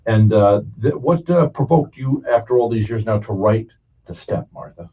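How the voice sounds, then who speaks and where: A man's voice: mid-range voice, animated, moderate pace, slightly rough. A male interview host, enthusiastic and chatty, full of fillers, asking about a guest's career. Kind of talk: casual interview. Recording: muffled, distant mic.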